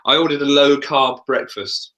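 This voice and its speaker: A man's voice: medium pitch, fairly even intonation, moderate pace, pushed and bright. A man, a vocal coach, chatting casually on a webinar and laughing often.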